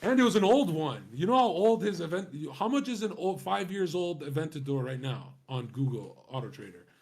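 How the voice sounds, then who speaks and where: Husky-voiced young man, brash slang-heavy ramble. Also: a little high, animated, a little fast, a little mellow. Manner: swaggering, profane, slangy. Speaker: streamer. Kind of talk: casual rambling chat.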